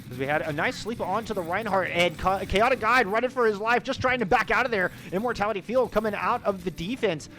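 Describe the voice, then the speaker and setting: A man casting live esports play-by-play, rapid and rising to shouts at big plays. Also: sits high.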